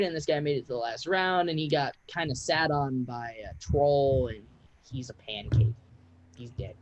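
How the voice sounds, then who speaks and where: A man's voice: on the high side, moderate pace, highs cut off, a little hiss or hum. Man narrating as game master. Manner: relaxed storytelling, laughs often.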